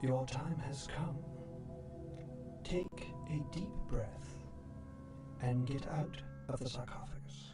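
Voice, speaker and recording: A man voicing a calm figure who wakes a sleeper in a game, speaking slowly and formally. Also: medium pitch, natural voice. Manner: slow, measured, formal. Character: calm male voice waking a sleeper. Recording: game audio with roomy echo, loud music.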